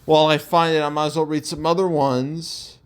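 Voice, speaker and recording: A man's voice: on the high side, little pitch movement, brisk, clear, resonant tone. A young man hosting a casual commentary, reading audience reviews aloud with fillers, stray hums and chuckles. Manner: rambling, chuckling, filler-heavy. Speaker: host.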